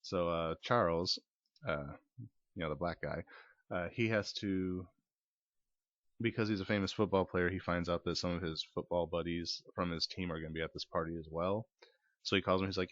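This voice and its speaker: Male reviewer, very low voice, dry dull-sounding mic; loose rambling plot recap. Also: steady tone, moderate pace, fairly bright tone, no room sound. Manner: rambling, filler-heavy retelling with quoted asides. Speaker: podcast movie reviewer. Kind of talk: casual movie recap.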